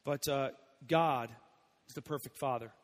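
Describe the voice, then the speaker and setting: A young adult male pastor giving a sermon, conversational and personal, dropping soft then rising to emphatic points. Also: medium pitch, measured pace. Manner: conversational preaching, swings between soft and emphatic. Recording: long hall reverb.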